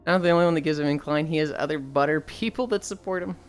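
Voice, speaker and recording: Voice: medium pitch, rapid-fire, soft background music. A livestreamer chatting casually and reading viewer messages aloud, blunt and sighing often, swearing freely.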